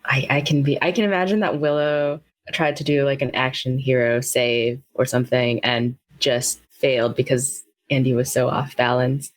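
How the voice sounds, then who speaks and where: Low-voiced woman player. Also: fairly even intonation. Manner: musing, hesitant, slow. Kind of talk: tabletop game play.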